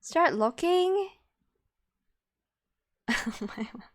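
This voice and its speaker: A woman's voice: very high-pitched, expressive, drawn-out words. A young woman streaming live, chatting casually in a playful, giggly, self-mocking way.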